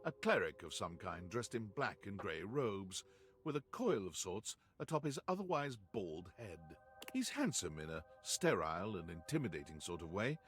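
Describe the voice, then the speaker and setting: A man's voice: sits low, very animated, normal speed, a bit bright. A man narrating a video game in a wry, descriptive way.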